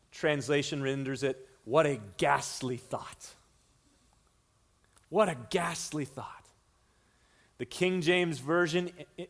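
A man preaching an expository sermon, earnest, slowing down for emphasis and repeating key lines. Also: on the high side. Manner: earnest teaching, shifts between slow emphasis and quick runs. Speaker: pastor.

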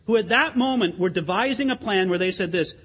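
High-voiced, husky preaching man. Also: expressive, a little fast, a bit bright. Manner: earnest, emphatic, addresses listeners as friends. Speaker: pastor. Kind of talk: sermon. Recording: long hall reverb.

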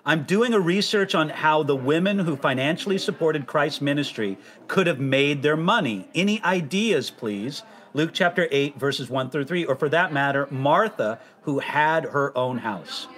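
A man with a fairly high voice and a very lively, swooping pitch hosts a relaxed conversation. He reads questions aloud and pushes his co-host with playful, curious follow-ups. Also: normal speed, hardly any pauses. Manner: animated, inquisitive, teasing. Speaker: host reading listener questions. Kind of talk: casual conversation.

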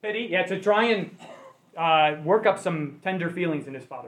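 A man's voice: on the high side, animated, moderate pace, fairly bright tone. A man leading a Bible study group, teaching conversationally and asking the class questions.

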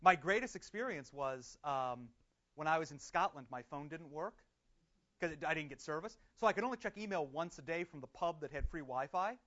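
High-voiced guy leading a church class, chatty, lots of yeahs and laughs, muffled lo-fi sound. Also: animated, a little fast, sharp tone. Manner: chatty and affirming, laughs often. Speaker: church discussion leader. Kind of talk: casual group teaching. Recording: dull lo-fi recording.

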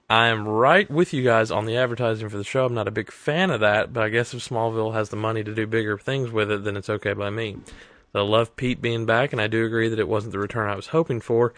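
A man's voice: fairly low pitch, a bit bright, no room sound. A man co-hosting a casual podcast, reading listener emails aloud in a jokey, laughing way. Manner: laughing, jokey, quick to do silly voices. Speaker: podcast co-host.

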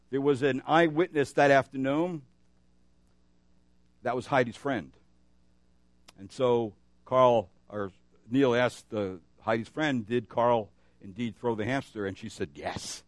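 Man, pastor, sermon, mid-pitched voice, emphatic then conversational, dry close sound. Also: no room sound. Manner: animated preaching with rising emphasis and storytelling asides.

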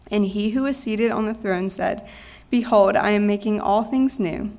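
A woman reading scripture aloud in church, solemn and measured, close to tears. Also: medium pitch, darkish tone. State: tearful. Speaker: scripture reader.

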